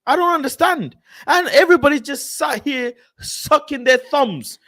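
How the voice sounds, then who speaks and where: A young man rants through a casual live stream from his room at home, frustrated and swearing. His voice sits fairly high and swings all over the place, rising and dropping as he talks. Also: animated, moderate pace, sharp tone. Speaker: football streamer.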